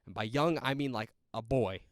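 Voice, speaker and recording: A man co-hosting a casual podcast about a horror film, talking in a chatty, animated way and laughing often. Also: mid-range voice, moderate pace, no echo, studio quality. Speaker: podcast co-host. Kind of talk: casual movie chat.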